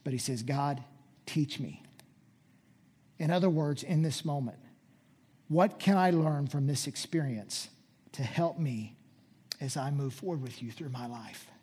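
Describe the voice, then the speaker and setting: A man preaching a sermon as pastor, reading scripture quietly and then rising to loud, urgent exhortation. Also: a little high, moderate pace, husky.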